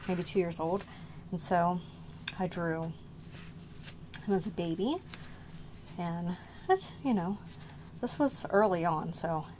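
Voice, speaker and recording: Woman, middle-aged, low voice, rambling and self-correcting, breathless, home vlog, noisy background. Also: a little mellow. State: short of breath. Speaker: art channel host. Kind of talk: casual show-and-tell vlog.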